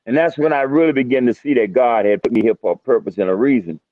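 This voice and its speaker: A man's voice: medium pitch, fast talker, no room sound. A man telling his story as a podcast guest, emphatic and repetitive, often restarting his sentences. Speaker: guest, retired federal marshal. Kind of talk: casual storytelling interview. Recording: dry, slightly dull sound.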